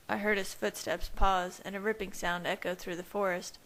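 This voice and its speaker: A woman's voice: medium pitch, little pitch movement, normal speed, hardly any pauses, a bit bright, poor audio. Woman narrating a fan story aloud. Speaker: fanfiction reader. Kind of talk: audiobook-style narration.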